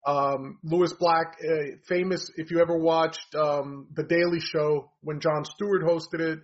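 Man, husky and high-pitched, blunt and opinionated, casual talk, dull lo-fi audio. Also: steady tone, measured pace. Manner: blunt, opinionated, rambling with fillers. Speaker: comedy commentator.

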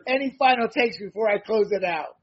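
A man with a high, husky voice hosts a political podcast, full of energetic, playful patter as he wraps up the show. His voice comes through slightly dull and lo-fi, recorded at home. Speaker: podcast host. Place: home room with figurines behind.

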